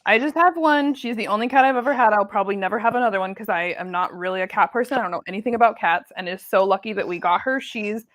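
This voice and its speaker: A woman co-hosting a live sewing stream, chatting and telling animated stories. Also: mid-range voice, fast, hardly any pauses, no echo. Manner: chatty storyteller, acts out quotes. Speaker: co-host. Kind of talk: casual chat while sewing.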